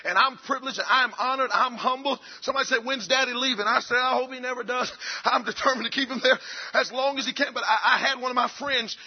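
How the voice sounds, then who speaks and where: Man, pastor, fiery sermon, very high voice, husky, dull recording. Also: fairly even intonation, quick pace. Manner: swings between shouting and low murmurs.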